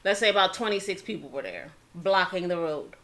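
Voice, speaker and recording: A woman with a lowish, fairly bright voice hosts her channel's casual eating-show story time. She chats through a history tale, performing the people's quoted lines and stopping to spell out words.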